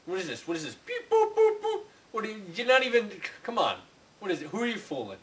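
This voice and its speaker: A man's voice: sits high, sing-song, very fast, a bit bright, recorded from a distance. A young man in a comedy sketch, talking in an exasperated, incredulous way.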